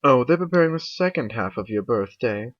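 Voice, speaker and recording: A man voicing an elegant, refined female unicorn fashionista in a fan-read pony story, with sweet, coaxing, drawn-out lines. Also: medium pitch, expressive, dry recording, lightly acted. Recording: dull lo-fi home mic.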